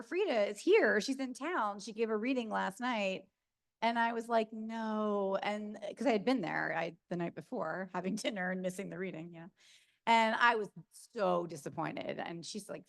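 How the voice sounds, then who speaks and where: A woman's voice: lowish voice, vocal fry, fairly bright tone. A middle-aged woman with a South Jersey accent, telling stories casually while answering audience questions at a reading, with lots of fillers and laughs. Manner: chatty storyteller, laughs often, many fillers. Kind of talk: casual Q&A talk. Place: university event room. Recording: Zoom capture of a room talk.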